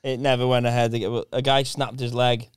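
Smooth-voiced man recounting a gig. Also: mid-range voice, flat delivery, moderate pace, dry recording, clean studio sound. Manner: laughs through his stories, slangy. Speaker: stand-up comedian. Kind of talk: casual chat, storytelling anecdotes.

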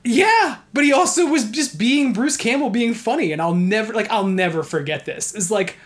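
Laughing, animated storytelling man. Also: high-pitched, normal speed. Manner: heavy use of "like" as filler. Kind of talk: casual storytelling chat.

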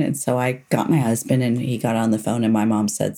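A woman's voice: rumbling low, fairly even intonation, dark tone. Earnest middle-aged woman telling her story. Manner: earnest and candid, slows down to stress key points. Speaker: guest, neuropsychologist. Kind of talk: personal storytelling in a conversation.

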